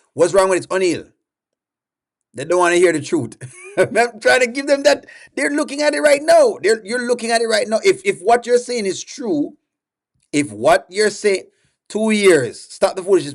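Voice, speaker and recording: Jamaican man hosting a livestream. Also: sits high. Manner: coaxing, repeats himself, addresses viewers as friends. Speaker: livestream host reading viewer comments. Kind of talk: casual reaction livestream.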